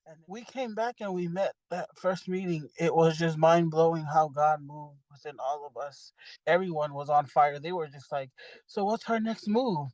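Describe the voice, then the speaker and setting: A woman's voice: low-pitched, steady tone, normal speed, a little mellow, no echo, low-quality recording. A woman sharing a church testimony as a youth ministry leader, earnest and rambling with many fillers and restarts.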